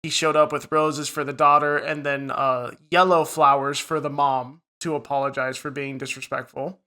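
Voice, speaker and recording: A man's voice: on the high side, little pitch movement, normal speed, bright, forceful tone. A young man co-hosting a podcast, swearing a lot as he retells a story in casual chat. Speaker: podcast co-host.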